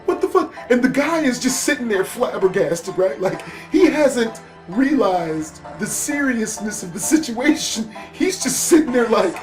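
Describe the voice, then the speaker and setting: A man telling a story in casual, profane storytime style, animated and laughing at his own tale. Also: extremely high pitch, unhurried, hardly any pauses, soft background music. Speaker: YouTube storyteller.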